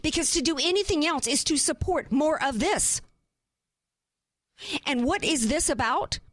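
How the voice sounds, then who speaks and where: A fairly high-voiced woman hosts a talk radio show. She delivers an impassioned, emphatic monologue packed with rhetorical questions. Her voice is recorded dry and close in a studio. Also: lively intonation, a little slow, no room sound.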